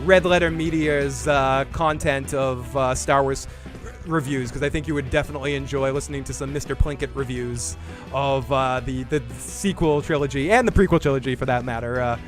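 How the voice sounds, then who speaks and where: A man co-hosting a podcast in casual chat, rambling and restarting, with energetic sign-offs. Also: medium pitch, normal speed, faint music behind. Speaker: podcast co-host.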